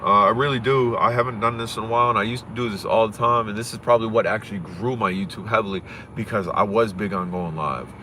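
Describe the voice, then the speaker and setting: A man from Pennsylvania talking fast and profanely on a casual livestream, swaggering and rambling, recorded on a phone outdoors. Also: fairly low pitch, pushed and bright, slight background noise.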